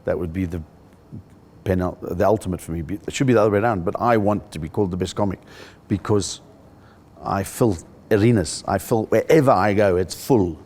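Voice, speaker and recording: A South African comedian in his middle years talks in a fairly low voice during an interview. He tells his stories with lively energy and leaps into high, squeaky voices to land his jokes. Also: brisk. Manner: animated storyteller, jumps into high-pitched voices for jokes. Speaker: stand-up comedian. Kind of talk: interview with comic anecdotes.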